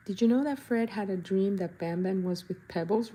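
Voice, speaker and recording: A woman's voice: lowish voice, normal speed, mellow, slightly rough. A young woman chatting playfully while she paints, reading comments and breaking into silly voices and jingles. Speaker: body painter and vlogger. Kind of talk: casual chat while painting.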